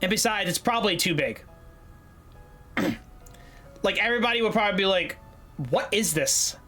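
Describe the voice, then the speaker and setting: Young man with a Massachusetts accent, high voice, rambling and joking, casual gaming stream chat. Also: brisk, sharp tone, soft background music. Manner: rambling, joking, profane, laughs often.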